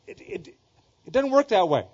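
A middle-aged male pastor from Southern California preaches emphatically, repeating key lines and swinging between loud exclamations and quiet asides. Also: high-pitched, very animated, moderate pace, breathy edge. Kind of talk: sermon. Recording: dull lo-fi sermon recording.

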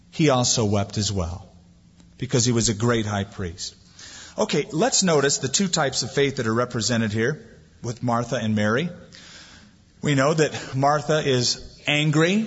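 Lively preaching man, husky, echoing hall. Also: fairly high pitch. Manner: lively preaching, acting out quoted voices. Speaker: pastor. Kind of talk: sermon. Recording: dull lo-fi sound, long hall reverb.

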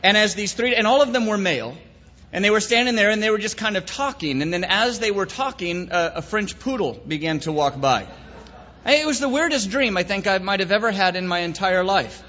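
A man's voice: sits high, lively intonation, a little fast, bright, forceful tone, slight background noise. A man preaching, telling a rambling comic story with many fillers, then praying solemnly and teaching. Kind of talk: sermon with a comic story and prayer. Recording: dull echoey hall recording.

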